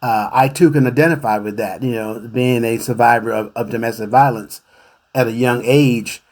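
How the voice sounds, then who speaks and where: A man hosting a radio interview show, reflective and halting, searching for his words as he goes. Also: mid-range voice, steady tone, a little mellow. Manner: reflective, hesitant with many fillers and restarts.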